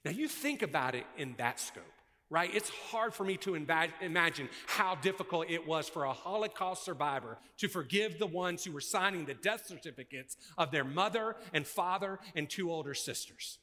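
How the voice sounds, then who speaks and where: A man preaching a sermon, swinging from loud, emphatic preaching to hushed, intense passages. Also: a little high, animated, moderate pace, few pauses, long reverb tail. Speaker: pastor.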